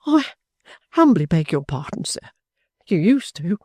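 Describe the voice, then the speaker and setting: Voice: medium pitch, very animated, measured pace, a little mellow, slightly rough, no echo, studio quality, pitched above the performer's own voice. A reader voicing a humble, earnest young man who stammers and keeps saying "sir" in a storybook reading. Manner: stammering, deferential, many "sir"s.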